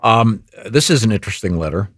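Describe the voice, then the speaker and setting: Radio host man, low and dry, loose rambling banter. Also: lively intonation, brisk, husky, dry recording. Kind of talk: casual morning radio banter.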